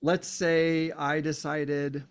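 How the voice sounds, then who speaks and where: Man musing aloud, fairly high voice. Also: flat delivery, very slow, clean tone. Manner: thinks aloud with fillers and rhetorical "right?"; acts out short exclamations. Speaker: podcast host. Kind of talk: reflective philosophical monologue.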